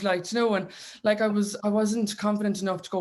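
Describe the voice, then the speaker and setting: A woman's voice: mid-range voice, steady tone, fairly quick, darkish tone. Young Clare woman, radio guest, chatty and rambly, laughs a lot. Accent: Clare Irish. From Ireland. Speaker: guest singer. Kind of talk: casual radio interview chat.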